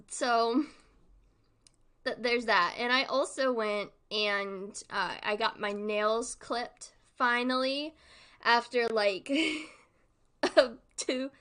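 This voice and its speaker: A young woman chats on her live stream in a bright, slightly high voice. She rambles from topic to topic and breaks into giggles often. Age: young adult. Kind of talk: casual live-stream chat.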